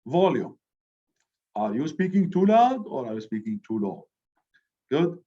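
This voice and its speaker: Man, middle-aged teacher, loud classroom lecture, lively delivery, mid-pitched, muffled lo-fi audio. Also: a little slow, slightly rough. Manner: loud, animated, repeats "good" as a check-in. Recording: dull lo-fi recording.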